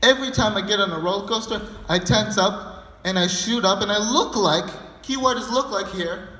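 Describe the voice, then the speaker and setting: A man's voice: sits high, moderate pace, bright, forceful tone. A young man performing a stand-up comedy set, telling a rambling story full of fillers. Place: live comedy venue. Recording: echoey hall.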